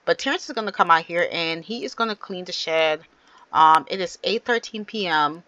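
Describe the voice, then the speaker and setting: A woman who hosts a gaming channel gives casual, chatty commentary on gameplay, speaking straight to her viewers. Her voice is fairly low and sharp in tone, at a moderate pace, with no echo but the highs cut off.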